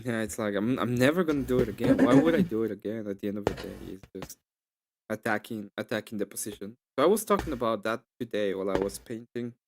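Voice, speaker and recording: A man in casual chat, retelling an argument in an animated, rambling way full of restarts. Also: lowish voice, fast, background noise. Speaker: guest.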